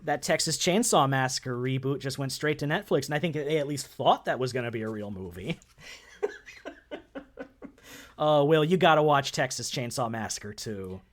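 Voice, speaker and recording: A man's voice: mid-range voice, lively intonation, normal speed. Chatty man co-hosting a podcast. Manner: chatty, laughs at his own jokes, restarts sentences. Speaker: podcast co-host. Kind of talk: casual movie podcast chat.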